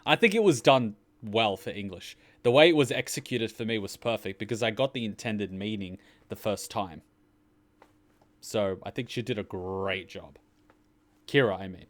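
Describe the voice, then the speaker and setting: Australian male reaction host, low-pitched, rambling and animated. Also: normal speed. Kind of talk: casual commentary.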